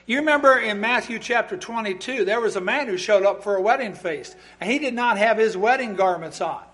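In a church sanctuary, a man preaches an animated, emphatic sermon in a high, brisk voice. His humorous asides to the congregation swell into loud outbursts.

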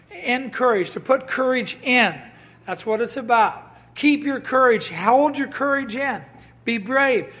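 A man preaching a sermon, telling stories with quoted voices and reading scripture, rising into emphatic bursts. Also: a bit bright. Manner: high voice that rises to emphatic bursts.

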